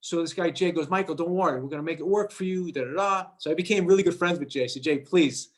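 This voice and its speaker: Man telling a story with quick restarts. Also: fairly high pitch. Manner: lively anecdote-telling, acts out quoted voices, repeats words. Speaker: actor guest. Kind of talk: animated storytelling.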